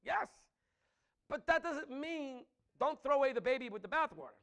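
Impassioned high-voiced male preacher. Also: lively intonation, normal speed. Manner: impassioned, swings from loud emphatic to soft intimate; laughs between points. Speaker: pastor. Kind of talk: sermon.

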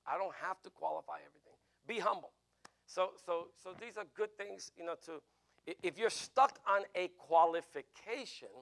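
A man's voice: fairly high pitch, gravelly. A man preaching an informal teaching sermon, conversational, with frequent restarts and "right?" asides. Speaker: pastor teaching a Bible class.

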